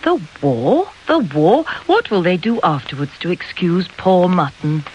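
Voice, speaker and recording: Cast a reader as a greedy, sour old woman with a high, peevish whine. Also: big pitch swings, a little slow, darkish tone, dull audio, a little hiss or hum. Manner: complaining, fussy.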